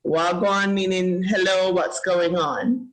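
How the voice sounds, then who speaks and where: A woman's voice: lowish voice, fairly even intonation, slow, rough recording. A Jamaican woman hosting a casual lesson for children, upbeat and encouraging, praising them often. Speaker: host teaching children. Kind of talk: casual teaching chat.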